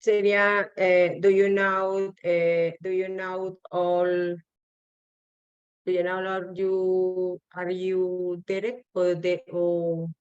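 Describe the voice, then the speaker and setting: A woman's voice: on the low side, monotone, slow pace, clear, resonant tone, no room sound. A woman student answering over a video call, hesitant and searching for words. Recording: dull lo-fi call audio.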